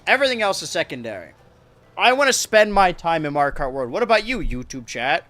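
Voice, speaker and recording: A man's voice: on the high side, a little fast, soft background music. Rambling jokey male game streamer. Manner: rambling and jokey, with sudden excited yelps. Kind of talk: live-streamed gameplay commentary.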